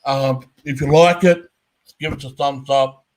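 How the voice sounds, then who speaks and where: A man's voice: mid-range voice, steady tone, unhurried, a little mellow. A man giving a heated, blunt commentary rant, swearing constantly and hammering his points. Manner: profane, blunt and emphatic.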